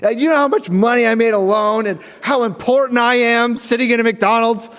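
A man acting out an arrogant, angry male lawyer who yells and boasts at a young worker, heard with long hall reverb. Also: mid-range voice, big pitch swings, normal speed. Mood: boastful. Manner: yelling, boastful, contemptuous.

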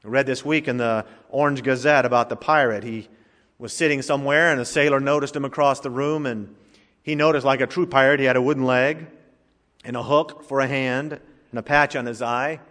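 Delivering his sermon a little fast, this pastor has a steady, mid-range, fairly bright voice and keeps things casual and humorous. The sound carries the long reverb of a big hall, as he's in a church sanctuary.

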